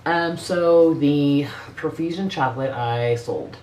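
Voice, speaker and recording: A woman's voice: low voice, slow, background noise. Blunt, foul-mouthed middle-aged woman vlogger. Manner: blunt, profane and frank; chatty, rambling with many restarts. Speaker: beauty vlogger. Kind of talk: casual makeup review chat.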